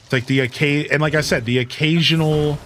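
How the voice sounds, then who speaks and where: A man streaming a game, giving casual commentary and telling stories, chatty and animated, full of "like" and "dude". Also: fairly high pitch, a little fast, slight background noise.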